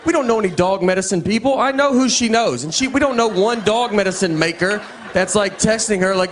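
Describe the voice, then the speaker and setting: Deadpan rambling stand-up comedian, man. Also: high-pitched, a little fast, background noise. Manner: deadpan, rambling, restarts his sentences. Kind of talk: stand-up set before a laughing audience.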